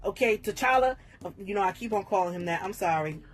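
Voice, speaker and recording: A woman's voice: medium pitch, expressive, fairly quick. A woman co-hosting a podcast, talking in a passionate, rambling way with many repeated words. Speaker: podcast co-host. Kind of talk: casual chat.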